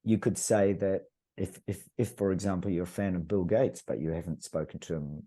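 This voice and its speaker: Husky, very dark-voiced man. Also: low voice, steady tone, brisk. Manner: earnest, rambling, with frequent restarts. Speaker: podcast guest. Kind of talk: casual conversational storytelling.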